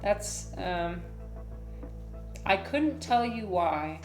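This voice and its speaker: A woman's voice: fairly low pitch, unhurried. A woman hosting a casual live stream, chatting playfully and reading aloud. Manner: chatty and playful, cooing baby talk to her pet. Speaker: livestream host. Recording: echoey room with music playing.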